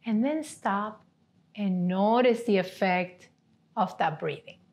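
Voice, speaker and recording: A woman yoga therapy instructor leading a seated class with gentle step-by-step cues, often checking in with "right?". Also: mid-range voice, slow pace.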